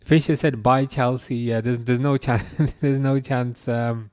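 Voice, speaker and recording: Hosting a live stream, this thirty-something man talks casually and reads viewer comments, often restarting mid-thought and cracking dry jokes. His mid-range voice barely moves in pitch and has a darkish, clean tone in a dry recording.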